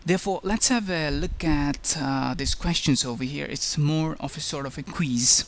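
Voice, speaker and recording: A man's voice: fairly high pitch, moderate pace, few pauses. A man, a language instructor, narrating a slideshow lecture in an explanatory way and stressing key words.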